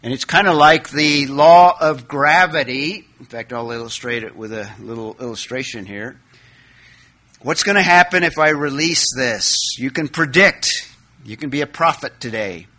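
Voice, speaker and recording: A man preaching an expository sermon, teaching slowly and leaning hard on key words. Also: medium pitch, sharp tone. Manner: slow and deliberate.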